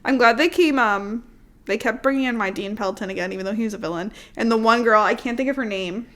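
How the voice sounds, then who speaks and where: Woman podcast cohost, high bright voice, animated chat, swears a lot. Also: quick pace. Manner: animated, swears freely, acts out quotes. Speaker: podcast co-host. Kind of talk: casual chat.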